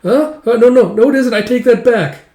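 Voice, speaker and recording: A man voicing a flustered young woman embroiderer who rambles quickly, in a roomy-sounding recording. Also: extremely high pitch, a little mellow, voice pushed up. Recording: roomy echo.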